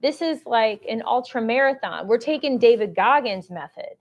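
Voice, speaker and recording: Expressive and fairly high-pitched, a woman hosts a live-streamed shopping show on government contracting at a moderate pace. She keeps up chatty sales talk while picking out viewer comments to read and respond to.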